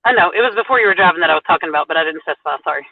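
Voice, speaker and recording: A woman's voice: on the low side, expressive, vocal fry. A woman chatting on a live stream in a teasing, chatty way, calling in by phone from her parked car at a lake. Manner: chatty, teasing, quick to laugh. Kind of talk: casual live-stream chat. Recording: tinny phone-line audio.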